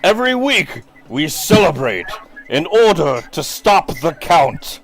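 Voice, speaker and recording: Give me a man playing a pompous town leader who makes grand speeches, slow and drawn out. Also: a little high, big pitch swings, faint music behind, voice pushed up. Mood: pompous, proclaiming. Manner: grand, declaiming public speech.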